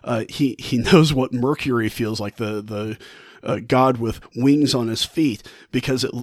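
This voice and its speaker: A man casually retelling a classic short story with animated energy, laughing often and restarting his phrases. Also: on the low side, no echo, studio quality. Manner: animated, retells the story with mock-quoted thoughts. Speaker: book vlogger. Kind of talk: casual book discussion.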